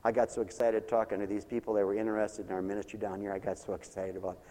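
A man preaching a sermon in a church, swinging from loud to hushed. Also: lowish voice, flat delivery, racing, in a large hall. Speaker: pastor.

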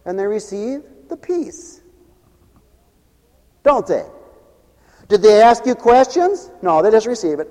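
A man's voice: high voice, big pitch swings, slow pace, pauses often, a little mellow, in a large hall, rough recording. A man preaching a radio sermon in an emphatic, folksy manner, acting out voices as he goes.

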